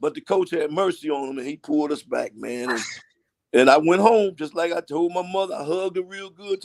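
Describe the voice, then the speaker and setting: A high-voiced man from Ohio tells stories as an interview guest. He talks casually and acts out the lines he and others said. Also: moderate pace. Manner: animated storyteller, acts out his own quotes.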